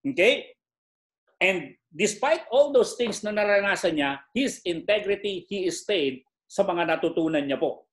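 A man with a Filipino accent teaching a Bible study in English and Tagalog, polite and measured, often checking in with his listeners. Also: sits high, animated.

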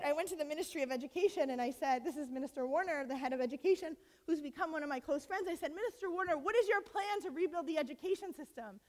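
A woman's voice: sits high, fast. A woman telling a personal story at a college talk, impassioned, full of fillers and restarts, acting out what others said. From United States. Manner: impassioned, many fillers and restarts, acts out quotes. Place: lecture hall. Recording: long hall reverb.

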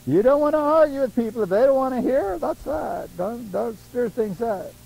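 A man preaching a sermon in a lively way, laughing often and acting out the voices of people he quotes. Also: extremely high pitch, normal speed, gravelly, husky, rough recording.

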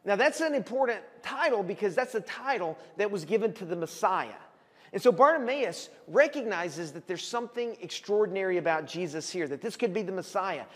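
A man, a pastor preaching a sermon and telling the story vividly, at times calling out loudly as the people in it. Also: sits high, brisk. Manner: animated storytelling, acts out shouting voices. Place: church hall. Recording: long hall reverb.

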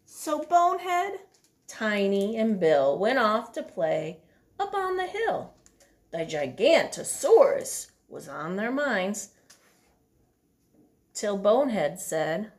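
A children's librarian reading a picture book aloud at story time, with hushed asides to the children. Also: female voice, medium pitch, very animated, takes it slowly.

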